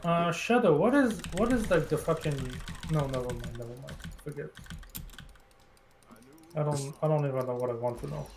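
A man's voice: on the high side, lively intonation, normal speed, slight background noise. A man chatting while gaming on voice chat, rambling and exasperated, swearing a lot. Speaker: gamer on voice chat. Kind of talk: casual gaming banter. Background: keyboard typing and clicks.

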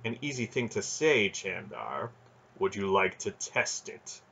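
A man voicing a scheming, scarred male sorcerer priest in a storybook reading, slow, gloating and mocking. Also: lowish voice, expressive, a bit bright, slight background noise.

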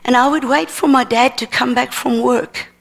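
A middle-aged woman teaching at a ministry seminar speaks in a high, steady voice with vocal fry. She offers a personal testimony in an earnest, faltering way, with repeated words.

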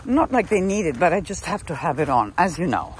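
Out of breath on a woodland preserve trail, a woman vlogs her dog walk, cooing endearments to her dogs between chatty asides to the camera. Her voice is on the low side, sing-song and fairly quick, against a noisy background.

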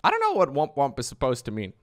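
Lively joking man streaming. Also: fast talker. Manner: joking, animated, with playful high-pitched squeals. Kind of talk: casual live-stream chat.

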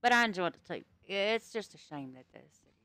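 A woman's voice: mid-range voice, lively intonation, brisk, bright, forceful tone, no echo. A woman from the US East Coast, streaming a roleplay game and chatting casually, blunt and profane in an easygoing way. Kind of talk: casual chat while playing a roleplay game.

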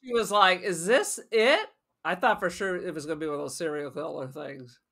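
Wisecracking male co-host, bright voice, casual and sardonic. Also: fairly high pitch, fast talker, vocal fry. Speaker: podcast co-host. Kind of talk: casual movie chat.

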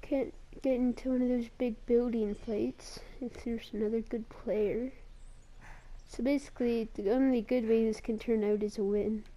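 A woman's voice: a little high, fairly even intonation, normal speed, mellow. A woman giving live commentary while playing a battle royale game, muttering to herself and breaking into sarcastic, swearing outbursts. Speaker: gamer.

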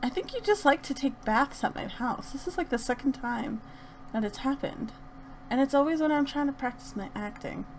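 Lively young woman gushing over a game. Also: sits high, moderate pace, slight background noise. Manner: animated, gushing, chatty with laughter. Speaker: gaming channel host. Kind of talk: let's play commentary.

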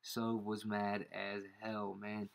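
A man's voice: fairly low pitch, completely flat delivery, slow, vocal fry. A man in an angry, confrontational rant, full of slang and repeated insults, showing proof on his screen. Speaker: YouTuber.

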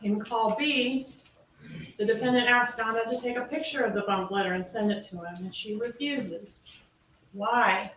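A woman's voice: on the high side, normal speed, fairly bright tone. Emphatic female prosecutor in an echoey courtroom. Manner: pointed, emphatic, rhetorical questions. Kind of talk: courtroom closing argument. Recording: echoey, distant courtroom audio with faint noise.

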